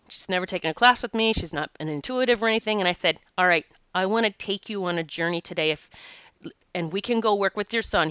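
A woman's voice: mid-range voice, bright, forceful tone, smooth, no room sound, studio quality. A woman, a spiritual teacher and reader, telling a personal story in an earnest, emotional way, teary and sniffling at times. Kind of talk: casual storytelling monologue.

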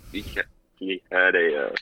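A man in casual podcast chat, mostly giving short replies and relaxed comments. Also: low-pitched, no echo. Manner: relaxed listener, brief acknowledgments. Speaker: podcast co-host. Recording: dull lo-fi sound.

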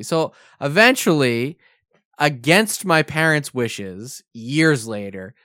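A man's voice: medium pitch, no echo, studio quality. A man co-hosting a podcast, telling a childhood story in casual chat and acting out the lines people said. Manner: animated storyteller who acts out quoted lines. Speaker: podcast co-host.

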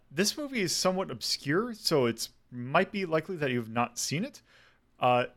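A man's voice: mid-range voice, fairly bright tone. Rambling, casual male podcast host. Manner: rambling, many fillers and self-corrections.

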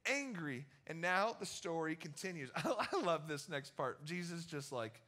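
Young man, youth pastor; high, bright tone; casual, chatty sermon delivery. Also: animated, measured pace. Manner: chatty, storytelling, many fillers. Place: church.

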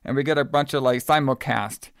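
Brief: male podcast host, gravelly yet smooth voice, dry booth sound, easygoing recap. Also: mid-range voice, fairly quick, dry recording. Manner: laid-back, rambling, laughs often. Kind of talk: casual chat.

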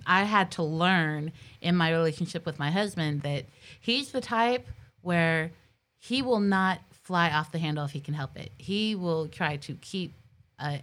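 A middle-aged woman hosts a relaxed conversation and tells stories with lively energy, laughing often. Her voice is slightly low. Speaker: podcast host. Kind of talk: casual chat.

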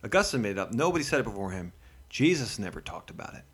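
A man co-hosting a casual podcast, arguing emphatically, reading verses quickly and laughing often. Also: lowish voice, sing-song, fairly bright tone, breathy edge. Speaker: podcast co-host.

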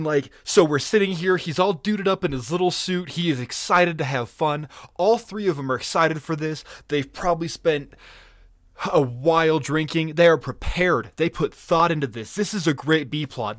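Brief: higher-pitched male podcast co-host, excitable and foul-mouthed, dry close mic. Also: no echo. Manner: profane, excitable, laughs often. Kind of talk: casual episode recap.

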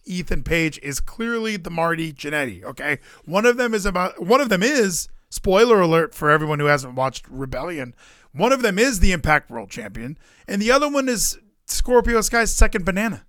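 Animated, high-voiced man ranting. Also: normal speed, dry recording, clean studio sound. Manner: animated, sarcastic, shouts mock quotes. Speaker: podcast co-host. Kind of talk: casual wrestling chat.

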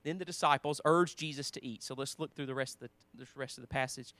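A man preaching a sermon in a conversational way, with restarts, quoting scripture, swinging between emphatic lines and quiet asides. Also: mid-range voice, fast, no echo.

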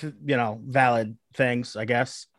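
A man's voice: mid-range voice, steady tone, slow, fairly bright tone, no room sound. A man co-hosting a comedy podcast, blunt and opinionated, swearing freely in casual chat. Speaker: podcast co-host.

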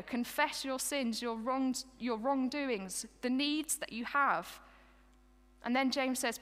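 Woman preacher, high bright voice, punchy repeated commands, heard in a reverberant church. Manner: rhetorical questions, short repeated commands. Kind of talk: sermon.

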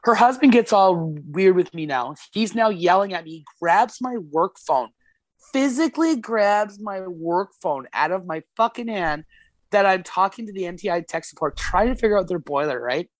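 With an expressive mid-range voice at a normal pace, a woman chats as a podcast guest, swearing freely and acting out quotes as she tells her story. The podcast studio recording is dry.

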